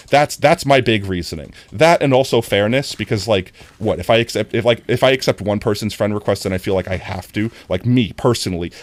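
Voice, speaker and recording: A man's voice: on the low side, a little mellow, dry recording. A young man livestreaming a farming game, chatting casually with his viewers, rambling and often cutting himself off mid-sentence. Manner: rambling, talks to chat, frequent self-interruptions. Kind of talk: casual stream chat while gaming.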